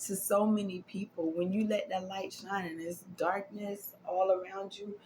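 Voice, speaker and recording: A woman's voice: on the low side, fairly even intonation, moderate pace, few pauses, a little mellow, a little hiss or hum, rough recording. Emotional woman giving a spiritual card reading. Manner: affirming, repetitive, emotional, drops to whispers. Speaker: tarot and oracle card reader.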